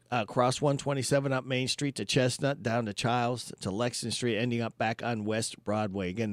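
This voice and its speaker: A man's voice: mid-range voice, no echo, studio quality. A man hosting a local radio show, announcing community events in a folksy, rambling way with fillers. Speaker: radio host. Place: radio studio. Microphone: studio microphone.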